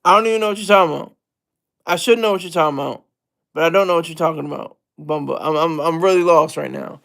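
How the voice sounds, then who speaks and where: High-voiced man rambling about hip hop. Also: fast, gravelly, fairly bright tone. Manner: rambling, self-deprecating, with many restarts. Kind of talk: casual solo commentary.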